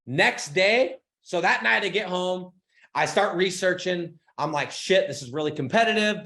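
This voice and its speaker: Excitable swearing man telling a story. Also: fairly high pitch. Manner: excitable, swearing, animated retelling with voiced quotes. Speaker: business coach. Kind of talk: casual storytelling to followers.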